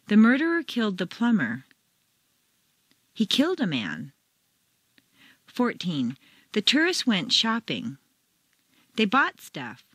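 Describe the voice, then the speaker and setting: An American woman reading a scripted pronunciation lesson, demonstrating intonation with clear, deliberate examples. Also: medium pitch, a bit bright, dry recording. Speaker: pronunciation teacher. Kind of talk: scripted instructional narration.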